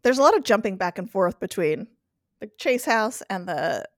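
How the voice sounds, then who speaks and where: A woman's voice: medium pitch, normal speed, dry recording, clean studio sound. A woman recapping a TV episode in casual podcast chat, acting out the characters' lines with frequent laughter. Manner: animated, acts out quotes, laughs often.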